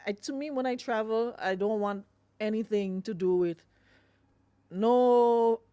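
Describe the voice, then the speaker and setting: A woman's voice: mid-range voice, normal speed, dark tone, clear, resonant tone, no room sound, dull audio. A Grenadian woman hosting a radio show, chatting casually with lots of fillers and laughs. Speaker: radio host.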